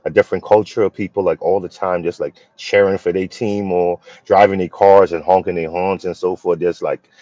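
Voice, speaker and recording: A man chats loosely with his viewers, his voice sitting on the low side. He rambles in an easygoing way, trailing into fillers and starting sentences over. The sound is dull and lo-fi, captured dry on a phone with no room around it. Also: steady tone, a little fast, hardly any pauses, dark tone, dry recording. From Philadelphia, USA. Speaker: livestream host. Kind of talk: casual live chat with viewers.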